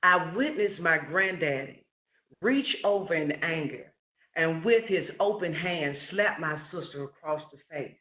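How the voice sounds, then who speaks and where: A man's voice: a little high, lively intonation. A man telling a personal family story in an earnest, storytelling way on a webinar call. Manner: slow, earnest storytelling with rising questions. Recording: roomy, phone-like lo-fi webinar audio.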